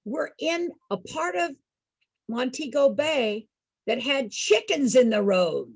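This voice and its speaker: A woman entertaining program participants with an animated personal story, laughing often and asking her listeners questions. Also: high-pitched, slow, gravelly, slightly rough, no room sound, poor audio.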